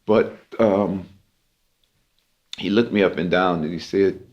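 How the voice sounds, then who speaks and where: Brief: New jazz man, lowish voice, easygoing anecdotes, muffled lo-fi podcast sound. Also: slow pace. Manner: relaxed, reflective anecdotal telling with fillers. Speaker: jazz clarinetist and historian, interview guest. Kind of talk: storytelling in an interview.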